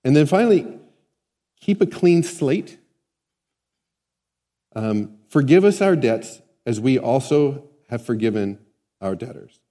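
A man's voice: medium pitch, lively intonation, takes it slowly, pauses often, warm tone. A man preaching a sermon in a conversational way, often asking the congregation questions. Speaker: pastor. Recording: long hall reverb.

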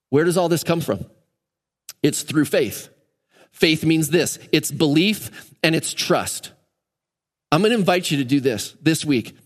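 A man's voice: fairly high pitch, lively intonation, moderate pace, in a large hall. A male pastor preaching a sermon in a church, emphatic and repeating phrases for stress. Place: church sanctuary.

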